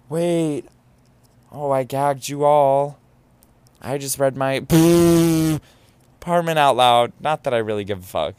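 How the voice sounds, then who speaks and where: A young podcast host tells a personal story in a casual monologue, candid and profane, with dramatic exclamations. His mid-range voice is clean and moves at a normal speed.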